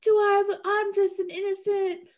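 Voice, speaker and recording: A woman's voice: very high-pitched, flat delivery, moderate pace, pitched above the performer's own voice. A woman putting on a coy Southern belle pleading her innocence, with an exaggerated sing-song Southern drawl. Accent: American Southern.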